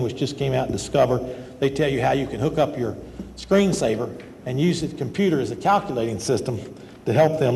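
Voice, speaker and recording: Older man, professor, folksy lecture, gravelly voice, faint background noise. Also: medium pitch, mellow. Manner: folksy, conversational storytelling. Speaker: medical school professor. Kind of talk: lecture with personal stories. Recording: lecture hall with long reverb and faint noise.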